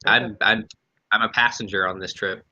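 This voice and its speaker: A man's voice: fairly low pitch, fairly even intonation, normal speed, crowd noise. A man playing a tabletop game, dry and joking, on a dull lo-fi recording. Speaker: player. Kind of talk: casual tabletop play.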